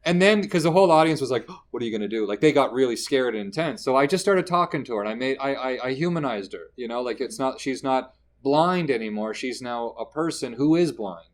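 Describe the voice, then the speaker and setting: Animated comedian guest from Canada. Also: male voice, mid-range voice, a little fast, few pauses. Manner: animated storyteller, acts out quoted lines. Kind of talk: casual interview chat.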